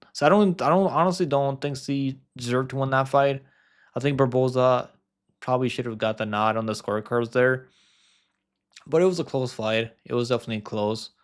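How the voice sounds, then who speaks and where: A man's voice: mid-range voice, smooth. Male fight-pick host, clean resonant tone, casual rambling delivery full of fillers and restarts. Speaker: MMA predictions host.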